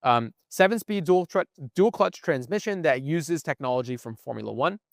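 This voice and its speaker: A man's voice: a little high, animated, normal speed, gravelly, no echo, clean studio sound. A young man co-hosting a podcast, explaining things at length in casual chat and often asking "right?". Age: young adult. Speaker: podcast co-host. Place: museum.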